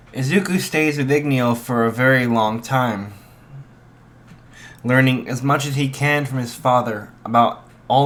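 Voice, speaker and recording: A young man improvising a fan story, halting with many restarts and fillers. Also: mid-range voice, a bit bright.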